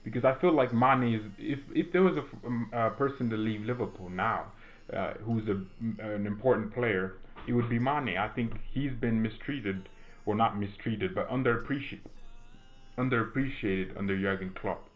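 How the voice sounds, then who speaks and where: Here a US teen boy, a gaming streamer and fan commentator, talks loosely as he plays, restarting sentences and leaning on fillers. His voice is lowish at a normal pace, and the audio sounds dull.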